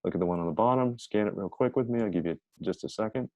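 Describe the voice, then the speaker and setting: A man teaching a casual grammar lesson, talking in a chatty, energetic way and thinking aloud as he goes. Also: fairly low pitch, fast talker, no room sound, lo-fi sound.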